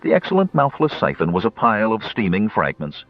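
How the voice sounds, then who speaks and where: Low, husky, expressive male audiobook narrator. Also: a little fast, dull audio, soft background music. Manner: expressive storytelling.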